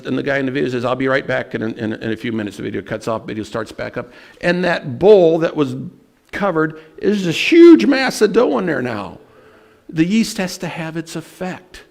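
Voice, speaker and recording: A man preaching a sermon as pastor, telling personal stories in an earnest way and slowing down to stress scripture. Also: medium pitch, expressive, gravelly, darkish tone. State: emotional at moments.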